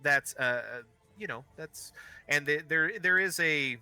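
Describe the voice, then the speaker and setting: A man runs a tabletop game as its narrator. He talks slowly and haltingly, with a bright, crisp tone, and soft music plays behind him. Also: fairly high pitch, no room sound. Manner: rambling, halting narration with many fillers. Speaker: game master.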